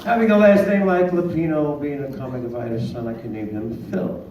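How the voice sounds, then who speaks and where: A stand-up comic in his fifties works a small comedy club stage, landing punchy jokes and voicing characters. His voice is fairly high and a bit quick, picked up by a distant mic in an echoey room with faint noise.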